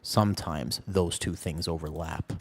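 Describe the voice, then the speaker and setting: A man putting on a low, slow, mock-seductive voice as a whispered role-play bit. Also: fairly even intonation, slight background noise. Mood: sultry. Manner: drawn-out, mock-seductive delivery.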